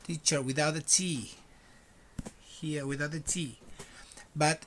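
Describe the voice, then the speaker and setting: Man teaching a slow English class. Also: a little high, animated, a bit bright. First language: Spanish. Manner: slow, repeats words for learners to copy. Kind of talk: recorded online class.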